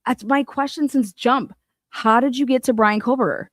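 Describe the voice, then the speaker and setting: A woman giving casual true-crime commentary as she reads through documents, excitable and profane, swinging between low muttering and loud exclamations. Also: normal speed, no room sound, clean studio sound.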